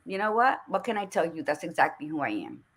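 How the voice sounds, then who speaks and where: A woman hosting a casual podcast conversation, blunt and animated, swearing freely while she tells stories. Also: low voice, quick pace. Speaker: podcast host.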